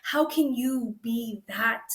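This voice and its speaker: A woman guest on a podcast, speaking slowly and thoughtfully about personal growth. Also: fairly high pitch, echoey room. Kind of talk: reflective conversational interview.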